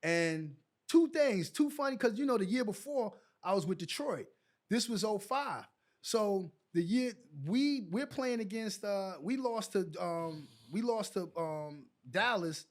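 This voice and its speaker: A middle-aged man from New York, a podcast guest and former pro basketball player, telling colloquial stories with animated dialogue. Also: high-pitched, measured pace. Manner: colloquial, animated storyteller who acts out dialogue. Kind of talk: casual storytelling interview.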